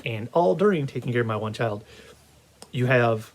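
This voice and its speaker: A man giving a casual video game review, talking in an animated, rambling way full of restarts. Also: mid-range voice, normal speed, a little hiss or hum.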